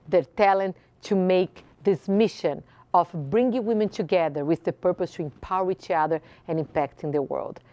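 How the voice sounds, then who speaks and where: A woman's voice: medium pitch, mellow, no echo. A woman from Brazil with a Brazilian Portuguese accent, hosting and giving a passionate inspirational speech with repeated phrases for emphasis. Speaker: host.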